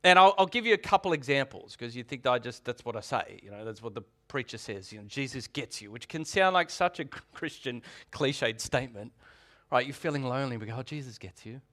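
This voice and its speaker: A man, preaching a sermon in a conversational, animated way. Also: medium pitch, brisk. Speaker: pastor.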